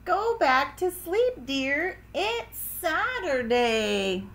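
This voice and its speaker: Soothing frog mother, unhurried, lively pitch as a woman reads aloud. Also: exaggerated voice. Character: gentle adult female frog mother. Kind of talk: storybook read-aloud.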